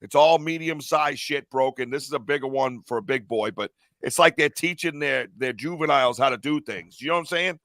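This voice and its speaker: A man hosting a podcast, talking loudly and excitedly in casual chat, with some swearing. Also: mid-range voice, fairly quick, hardly any pauses, no room sound. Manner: loud, animated, cursing. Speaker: podcast host.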